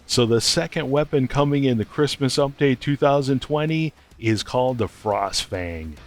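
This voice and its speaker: A man's voice: mid-range voice, normal speed, soft background music. A man giving casual gaming news commentary, chatty and speculative, thinking aloud as he goes. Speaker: gaming video host.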